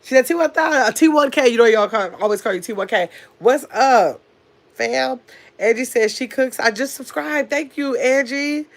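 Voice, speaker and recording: A woman's voice: a little high, creaky. A woman chats through her livestream and reads viewers' comments aloud into her phone. She answers each one in a loose, rambling way, with plenty of fillers and restarts. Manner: says she talks fast. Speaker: livestream host reading chat. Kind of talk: casual chat.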